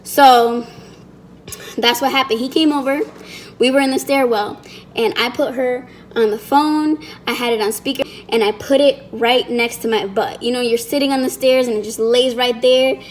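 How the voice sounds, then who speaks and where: A woman's voice: fairly high pitch, slight background noise. A young woman vlogger telling a personal story in a chatty way, acting out the quoted lines in other voices. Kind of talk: storytime vlog.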